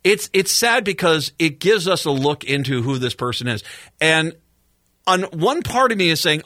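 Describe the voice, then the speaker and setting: A man's voice: fairly high pitch, big pitch swings, normal speed, sharp tone, dry recording. A middle-aged male radio talk show host giving a sarcastic, exasperated political commentary monologue into a studio microphone.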